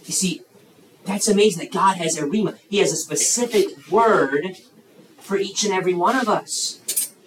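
Preaching to kids at a youth camp, a man with a high voice speaks at normal speed, bringing the story's characters to life with different voices and quizzing the children. The sound is roomy and distant, with a little hiss or hum, from a low-quality recording in a big campground hall.

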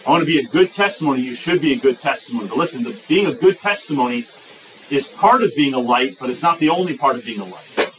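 A man's voice: medium pitch, animated, fairly bright tone, a little hiss or hum. Emphatic preacher man, distant mic. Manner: emphatic, repeats phrases, slows for quoted scripture. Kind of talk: sermon.

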